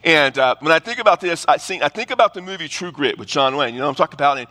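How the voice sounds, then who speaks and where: A man's voice: on the high side, very fast. A male pastor preaching a sermon, telling stories with humor and plenty of restarts. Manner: animated storytelling with humor and repeated restarts. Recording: long reverb of a large hall.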